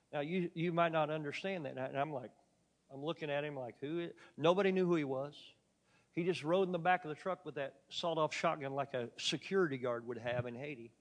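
A man with a fairly high voice preaches a sermon, telling a story dramatically. He swings from loud, emphatic peaks to quiet asides, and a long reverb tail follows his words.

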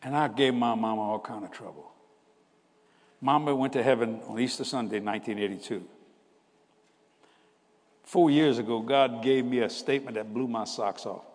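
An older man preaching a humorous storytelling sermon in a folksy way. He laughs often and swings between loud bursts and hushed asides. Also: mid-range voice, normal speed, pauses often. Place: church hall. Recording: hall reverb with faint background noise.

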